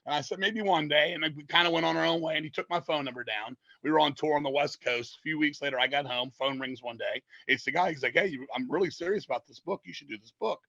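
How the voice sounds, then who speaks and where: A man's voice: fairly high pitch, fast, creaky, hardly any pauses, sharp tone, no room sound, poor audio. A man on a podcast telling long, profane, rambling stories in a casual way. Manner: profane, rambling, lots of swearing. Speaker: podcast guest, metal singer. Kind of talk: casual storytelling.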